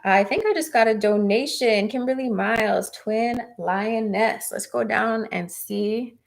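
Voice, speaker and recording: A woman's voice: on the high side, measured pace, creaky. A woman giving live-stream tarot readings, chatting with viewers in an encouraging way. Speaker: tarot reader.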